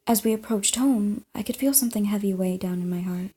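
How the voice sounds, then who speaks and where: A woman's voice: mid-range voice, fairly quick, warm tone, husky. A young woman hosting a let's play, reading a visual novel aloud, giggling and tripping over her words while chewing gum.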